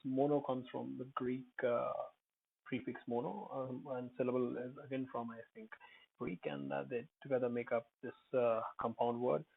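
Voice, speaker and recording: A man's voice: medium pitch, flat delivery, moderate pace, creaky, slight background noise. A man teaching English pronunciation in an unscripted lesson, hesitant, with many fillers and self-corrections. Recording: tinny phone-like audio.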